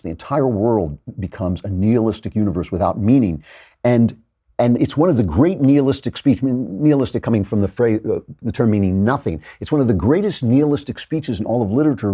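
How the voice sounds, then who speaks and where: A man's voice: mid-range voice, mellow, breathy edge. A man hosting a commentary show, lecturing with lots of animation and repeating words when he stresses a point. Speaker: host.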